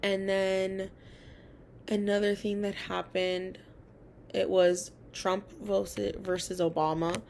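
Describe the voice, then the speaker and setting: A college-age young adult woman speaks slowly in a creaky, mid-range voice, with slight background noise behind her. She tells chatty personal stories about school, leaning on fillers and bringing other people's words to life as she quotes them.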